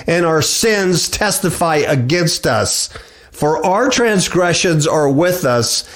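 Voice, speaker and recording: A middle-aged man hosting a radio show, preaching and reading scripture aloud. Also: fairly high pitch. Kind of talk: preaching bible commentary.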